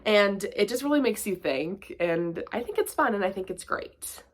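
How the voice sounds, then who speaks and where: A woman talks through a book review in a loose, chatty vlog style, with filler words and playful sarcastic quips. Her pitch sits in a middle range and her delivery is relaxed and conversational. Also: normal speed, very noisy. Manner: chatty, lots of "like" and asides.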